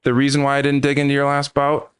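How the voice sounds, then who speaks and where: Man, podcast host, mid-pitch, swears a lot, jokey ranting delivery. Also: completely flat delivery, fast, a bit bright, smooth. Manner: profane, joking, ranting. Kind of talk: casual chat.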